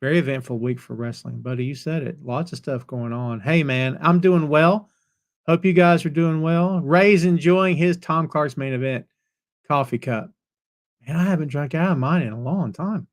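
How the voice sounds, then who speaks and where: A North Carolina man hosting a wrestling podcast chats casually with live viewers, reading their comments and greeting them by name. His voice is on the high side and moves at a moderate pace.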